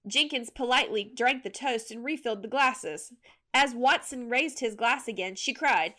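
A woman reading a history story as scripted narration, measured and steady. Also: fairly high pitch.

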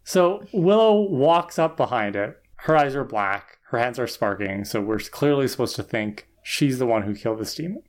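A man's voice: mid-range voice, lively intonation. A man with an everyday middle-range voice runs through a story scene by scene. He is a podcast co-host, dry and wry in his asides, keeping the chat loose and casual. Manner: wry, quick plot retelling.

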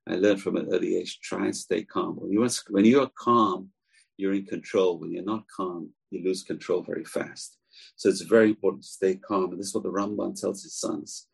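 A man giving a sermon, earnest and emphatic, slowing down to stress key lines. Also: low-pitched, fairly even intonation, creaky, slightly rough. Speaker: rabbi.

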